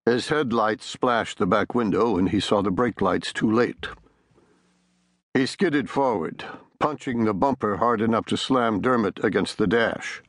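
Low-voiced man reading a thriller. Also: a little slow, fairly bright tone, no echo. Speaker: audiobook narrator. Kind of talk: thriller audiobook narration.

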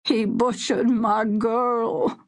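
A woman voicing a big, grief-stricken father who sobs out his lines slowly in an audiobook. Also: on the high side, level tone, pitched above the performer's own voice. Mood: anguished. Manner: sobbing, drawn-out cries. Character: grieving, anguished father, big man.

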